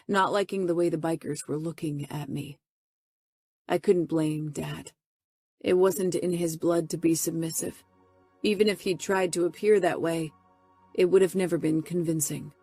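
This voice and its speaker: A woman narrating a first-person romance audiobook in a steady, close delivery. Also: deep voice, normal speed, long pauses, husky, no echo, faint music behind.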